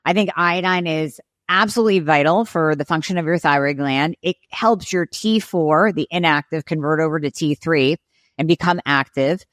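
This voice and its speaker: Low-voiced woman explaining thyroid science. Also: no room sound, studio quality. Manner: explanatory, acts out patient and doctor dialogue. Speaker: guest thyroid expert. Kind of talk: podcast interview.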